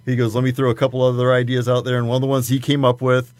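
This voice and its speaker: Man, relaxed podcast guest, rambling with fillers, dead-dry sound. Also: medium pitch, rapid-fire, no echo. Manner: explains at length with many fillers and restarts. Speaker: cigar reviewer guest. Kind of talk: casual chat.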